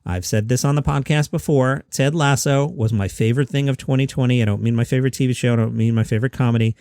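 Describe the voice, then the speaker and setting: A man hosting a comedy news podcast, talking in a quick, chatty, self-mocking way. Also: medium pitch, a little mellow, smooth, no room sound, clean studio sound. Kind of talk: casual comedy news commentary.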